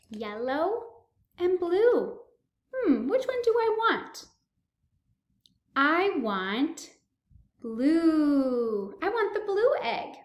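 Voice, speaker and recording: A young woman leads a children's speech therapy lesson with a high, bright voice. She speaks very slowly, drawing out each word with exaggerated, excited gasps. The sound bounces around an echoey room.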